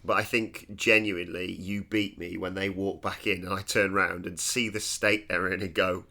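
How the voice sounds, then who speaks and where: A man's voice: sits low, flat delivery, moderate pace, vocal fry, hardly any pauses, sharp tone. A man playing a tabletop game, making joking banter. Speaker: player. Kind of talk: casual tabletop play.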